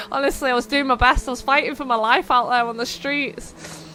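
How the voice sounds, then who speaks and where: A young woman commentates on a racing game live stream, her voice bright and a little high. She chats loosely, drifts into stories and reads out messages from viewers, with a faint hiss of noise behind her. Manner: chatty, rambling, reads chat aloud. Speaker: streamer and race host.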